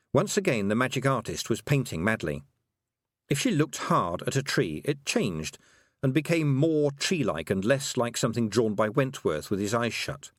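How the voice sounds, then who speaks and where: A man narrating an audiobook with expressive storytelling. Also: mid-range voice, no room sound, clean studio sound. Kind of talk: scripted narration.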